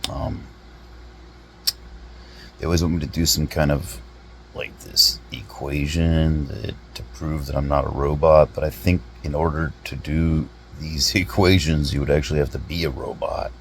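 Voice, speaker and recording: A man, a comedy vlogger, rambling through deadpan rhetorical questions with drawn-out pauses. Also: a bass voice, a little hiss or hum, poor audio. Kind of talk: deadpan musing monologue.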